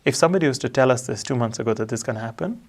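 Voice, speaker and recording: A man in a religious discussion, quickly reciting Quranic verses in Arabic and then explaining them in English. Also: medium pitch, lively intonation. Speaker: religious commentator. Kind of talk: discussion analyzing a religious letter.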